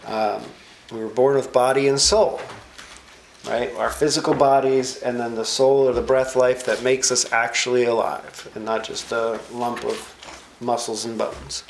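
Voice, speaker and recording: A man's voice: mid-range voice, flat delivery, measured pace, vocal fry, slight background noise. Man teaching scripture in an echoey room. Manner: emphatic, quizzes listeners with questions. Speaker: Bible teacher. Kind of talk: sermon-style Bible study.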